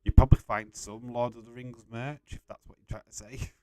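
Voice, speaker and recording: A man's voice: mid-range voice, fairly even intonation, brisk, mellow. A young man casually hosting a live stream, reading out and answering chat messages and laughing often.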